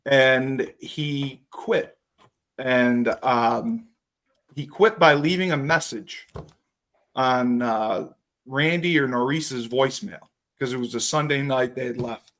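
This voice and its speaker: A man hosting a podcast, telling profane, animated stories and acting out what others said in casual chat. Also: medium pitch, slow. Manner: profane, animated storytelling with acted quotes. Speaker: podcast host.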